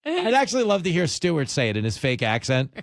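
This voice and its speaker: A man's voice: mid-range voice, lively intonation, a little fast, creaky, dry recording, clean studio sound. A man co-hosting a podcast, joking around in casual comic chat. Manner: joking, does mock impressions. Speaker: podcast co-host.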